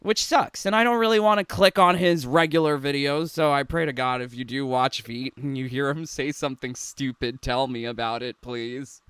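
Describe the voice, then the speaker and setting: A man's voice: medium pitch, normal speed, few pauses, fairly bright tone, clean tone, dry recording. A man ranting in a sarcastic, rambling, giggly way from his home in a casual gaming vlog. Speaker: gaming YouTuber. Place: home room.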